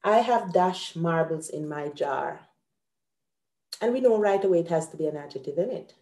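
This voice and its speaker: Woman host going over grammar slowly, mellow tone, kinda low voice. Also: reverberant. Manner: patient, explains step by step, lively on examples. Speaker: host and teacher. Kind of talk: online grammar lesson.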